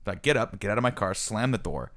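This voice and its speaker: A man's voice: lowish voice, expressive, quick pace, fairly bright tone. A man in his thirties, a podcast co-host, telling a self-mocking story in casual chat. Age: 30s.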